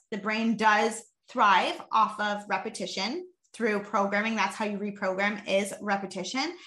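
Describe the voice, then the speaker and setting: A woman's voice: mid-range voice, roomy sound. A woman coach explaining a mindset method with energy, acting out examples as she goes. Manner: energetic, demonstrates with body and voice. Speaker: guest coach.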